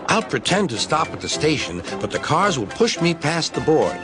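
A man puts on a young, cocky little engine, his voice lifted higher than his own and full of bounce. He brags eagerly. A storybook tone with music playing clearly underneath the whole time. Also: very animated, moderate pace. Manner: eager, cocky, pleading when in trouble. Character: cheeky, boastful small male tank engine. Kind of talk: fan-dubbed storybook reading.

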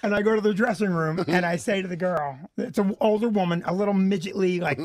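A male comedian telling a comic story on a radio show, animated and acting out the people in it. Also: sits high, fast, dry recording. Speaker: comedian guest. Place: radio studio.

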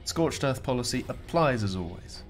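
A man's voice: mid-range voice, lively intonation, normal speed, faint music behind. A man commentating a strategy game replay, chatty and joking with playful asides.

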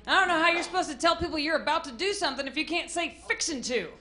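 A woman's voice: high-pitched, animated, fast, sharp tone, faint music behind. A young woman from Texas with a Texan accent, performing a self-deprecating stand-up comedy set on a club stage. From Amarillo, Texas. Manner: drawling, self-deprecating storytelling with frequent laughs. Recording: live club recording with audience noise.

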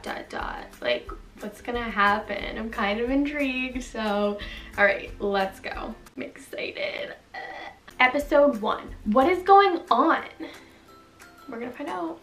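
A woman's voice: a little high, lively intonation, a little slow, fairly bright tone, recorded from a distance. A young woman giving sarcastic, chatty commentary while playing a story game and reading its lines aloud. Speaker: gaming vlogger. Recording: echoey room, voice off-mic, music behind.

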